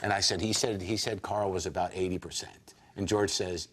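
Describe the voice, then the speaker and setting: A man in his forties with a fairly low voice spins a long anecdote as a talk show guest. He talks fast and animated, slipping into quoted voices as he goes. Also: breathy edge. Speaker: interview guest, comedian. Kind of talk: storytelling in a talk show interview.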